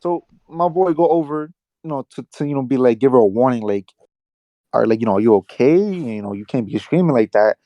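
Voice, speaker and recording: A young man with a New York accent telling a rambling, animated work story on a casual podcast, full of slang and swearing. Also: mid-range voice, a little fast, no room sound, lo-fi sound. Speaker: podcast co-host.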